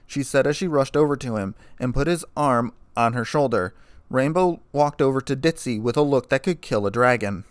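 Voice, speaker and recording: A man reading a fan fiction story aloud in a plain, steady narrating voice. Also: medium pitch, normal speed, smooth, no room sound.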